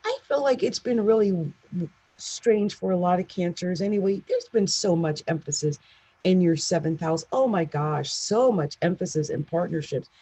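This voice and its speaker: A woman's voice: on the low side, expressive, normal speed, dark tone, breathy edge, low-quality recording. A woman astrologer giving a casual, chatty horoscope reading with emphatic asides. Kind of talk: casual monthly horoscope talk.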